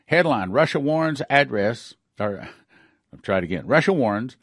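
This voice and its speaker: A man's voice: medium pitch, lively intonation, normal speed, dry recording, clean studio sound. A middle-aged man giving emphatic news commentary with a prophetic bent, repeating and rereading his points.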